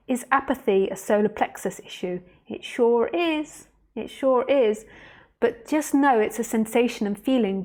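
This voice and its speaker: A woman giving a live-streamed spiritual talk. She speaks slowly, softly and reflectively, addresses the listener directly and reads out viewer comments as she goes. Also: on the high side. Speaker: spiritual teacher.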